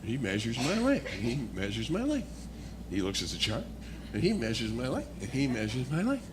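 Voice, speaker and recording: A man speaking as a guest speaker, telling a personal testimony in a storytelling manner that builds to animated excitement. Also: medium pitch, a little fast, background noise.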